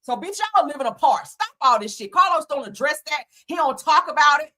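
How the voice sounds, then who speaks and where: A woman's voice: high-pitched, animated, a little fast, bright, forceful tone. A woman hosting a casual gossip show, talking bluntly and profanely in a fired-up way. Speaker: host.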